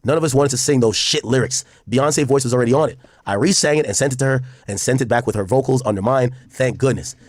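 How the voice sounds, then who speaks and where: A man's voice: medium pitch, quick pace, hardly any pauses, no room sound, clean studio sound. A man streaming casual commentary to his chat, reading posts aloud and reacting bluntly, with frequent profanity.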